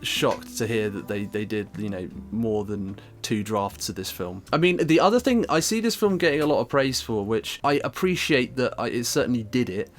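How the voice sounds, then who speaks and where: A man's voice: mid-range voice, lively intonation, moderate pace, hardly any pauses, soft background music. A man co-hosting a podcast, giving blunt, wry film criticism in casual chat. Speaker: podcast co-host.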